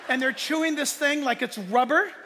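A man preaching a sermon as pastor, animated and joking, often laughing and shouting in a church. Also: very high voice, moderate pace, in a large hall, a faint crowd, slight background noise.

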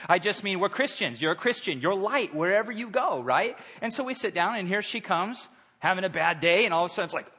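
Animated male pastor in echoing church. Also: high-pitched, a little fast, few pauses, slightly rough. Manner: animated, conversational preaching with acted-out quotes. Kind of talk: sermon. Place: church sanctuary. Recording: long hall reverb.

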